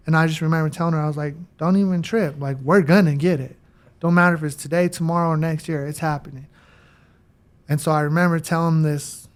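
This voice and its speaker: A man telling his life story in a casual interview, slangy and animated, with many fillers. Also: a little high. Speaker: guest.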